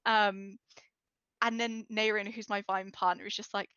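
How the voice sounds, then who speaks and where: Woman telling a lively story. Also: mid-range voice, unhurried, smooth, no room sound. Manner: lively storyteller who acts out the voices she quotes. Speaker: podcast guest, larp player. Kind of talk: casual storytelling chat. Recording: dull, dry podcast audio.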